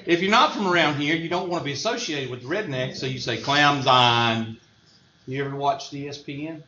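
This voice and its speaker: A man's voice: on the high side, quick pace, pushed and bright. A man teaching a math class, joking and drawling as he goes. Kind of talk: classroom lecture. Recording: echoey room, dull lo-fi sound, faint noise.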